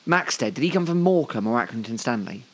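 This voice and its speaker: Male co-host, medium voice, relaxed banter, wry asides. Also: medium pitch, fast. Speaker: podcast co-host. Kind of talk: casual football chat.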